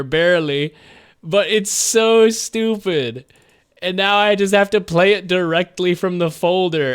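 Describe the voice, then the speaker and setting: A man's voice: high-pitched, a bit bright, clean tone. A man streaming a game live, ranting in frustration with lots of swearing and laughter. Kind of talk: live gaming commentary. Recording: game music playing behind.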